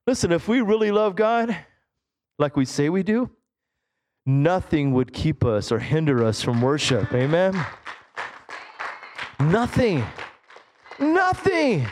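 A middle-aged man, a Pentecostal pastor, preaching a sermon in church, animated, with low asides and sudden shouted exclamations. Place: church sanctuary.

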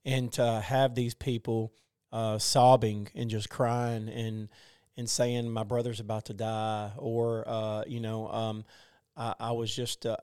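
A man in his forties sharing thoughts in a casual faith discussion, talking haltingly with many fillers and restarts. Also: medium pitch, little pitch movement, darkish tone, clear, resonant tone, dry recording, clean studio sound. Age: 40s. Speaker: group discussion member.

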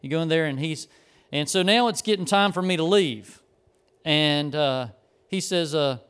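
A man's voice: fairly high pitch, moderate pace, fairly bright tone, smooth. A middle-aged man, preaching a conversational, folksy sermon and telling a story. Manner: rambling, folksy, self-correcting.

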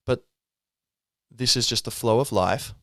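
A man's voice: mid-range voice, a little slow, fairly bright tone, no room sound, clean studio sound. A man hosting a podcast, musing in a casual, rambling way with wry asides. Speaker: podcast host. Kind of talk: reflective spiritual monologue.

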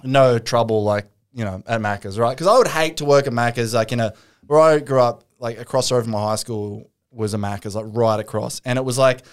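A young Australian man with a smooth, resonant voice at a middle pitch. He wanders through anecdotes with plenty of fillers, easygoing and conversational. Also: fairly quick. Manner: rambling anecdotes with many fillers. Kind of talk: casual podcast chat.

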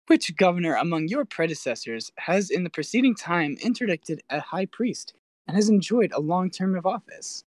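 A man reading the lines of a proud, defiant high priest in a formal, declamatory way. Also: sing-song, moderate pace, no echo.

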